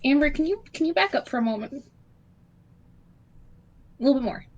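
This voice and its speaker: A woman's voice: high-pitched, lively intonation, a little fast, highs cut off. A woman playing a tabletop game, blunt and wary, reading out spell rules. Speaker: player. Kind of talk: casual tabletop game play.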